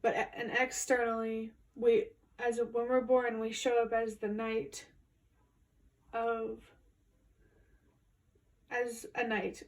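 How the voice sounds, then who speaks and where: A woman with a fairly high voice talks through a tarot reading in a flat, even tone. She muses aloud in a meandering, intuitive way, and her voice sits a little back from the microphone. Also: slow, pauses often. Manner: musing, meandering intuitive commentary. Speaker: tarot reader. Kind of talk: casual spoken tarot reading. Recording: voice a bit distant from the mic.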